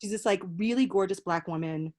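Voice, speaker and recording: A young woman hosting a podcast in casual chat, an animated storyteller who swears freely. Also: medium pitch, a little fast. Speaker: podcast host.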